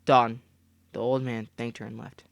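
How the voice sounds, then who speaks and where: A young man reading a game story aloud and breaking off into profane, loud comments. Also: mid-range voice, level tone, normal speed, gravelly, dry recording. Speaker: gamer reading a visual novel aloud.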